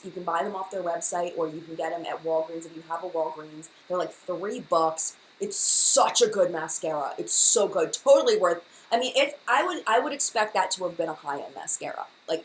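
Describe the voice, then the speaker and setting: A woman's voice: fairly low pitch, fairly quick, few pauses, a little hiss or hum, poor audio. A woman hosting a casual live-stream makeup chat, gushing and enthusiastic, often repeating herself. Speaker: beauty vlogger, live chat host.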